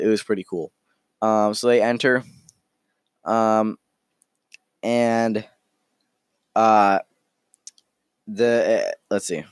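A man with a fairly low, clear, resonant voice narrates as game master of a tabletop game, rambling and packing his speech with fillers. The sound is clean studio audio with no room sound.

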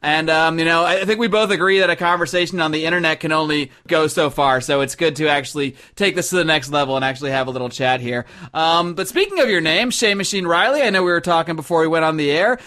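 A man's voice: fairly high pitch, quick pace, few pauses, sharp tone. A man hosting a podcast interview, reading sponsor spots with upbeat emphasis before talking with his guest. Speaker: podcast host.

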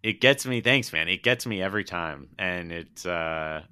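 Low-voiced rambling young man. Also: animated, normal speed, sharp tone, clean tone, no echo. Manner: rambling, emotional, swears casually. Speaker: podcast co-host. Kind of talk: casual chat about films.

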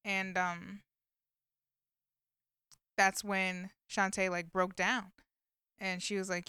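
A woman with a bright, forward voice talks casually, filling her retelling with likes and you-knows. Her tone is very smooth and clean, recorded close and dry with no room sound. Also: mid-range voice, level tone, slow, pauses often, dry recording. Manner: chatty storytelling with many fillers. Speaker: vlogger recapping a movie. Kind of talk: casual chat.

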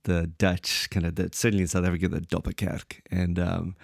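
A man's voice: low-pitched, level tone, brisk, vocal fry, slightly rough, dry recording, studio quality. A man in a casual theological discussion, talking in a rambling, hesitant way with many fillers.

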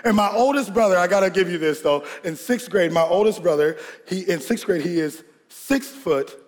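A man from Georgia preaching a sermon, telling a lively childhood story with laughter and call-and-response to the congregation. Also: sits high, moderate pace. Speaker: pastor. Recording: long hall reverb.

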